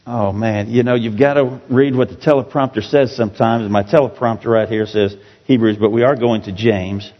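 A man's voice: medium pitch, steady tone, normal speed, hardly any pauses. A man preaching a sermon as pastor, in a loose, conversational way that pokes fun at himself. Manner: conversational, self-joking preaching. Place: church sanctuary. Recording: dull echoey hall recording.

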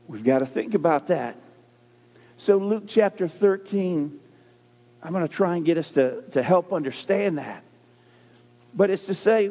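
A man preaching a sermon as pastor, emphatic, with dramatic pauses and repeated lines. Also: sits high, vocal fry, husky. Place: church sanctuary. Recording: muffled lo-fi sound in a reverberant hall.

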